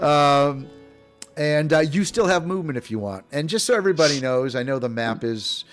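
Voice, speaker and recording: A man's voice: fairly high pitch, expressive, moderate pace, faint music behind. A man running a tabletop game as dungeon master, rambling with many fillers and frequent laughs. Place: home streaming setup.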